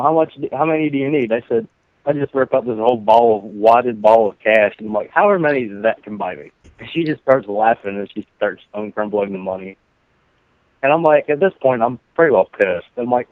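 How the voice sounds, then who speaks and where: A man's voice: fairly low pitch, no echo. A man spins a rambling, profane story on a casual podcast and laughs at his own lines. The sound is dry and thin, like a phone line. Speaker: podcast co-host.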